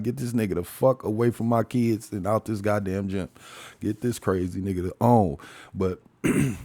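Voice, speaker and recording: A man in his forties rambles alone into a podcast mic, swearing and laughing as he goes. His voice sits low and mellow, and he speaks with loose, storytelling energy. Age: 40s. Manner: profane, animated storytelling with frequent laughs. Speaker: podcast host. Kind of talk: casual solo podcast monologue.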